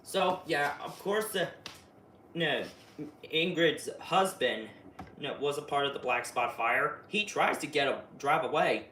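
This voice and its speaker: A man giving a chatty, excitable spoiler recap of a TV episode, full of fillers and asides. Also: a little high, unhurried, a little hiss or hum. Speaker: video reviewer. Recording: roomy, distant mic, faint ambience.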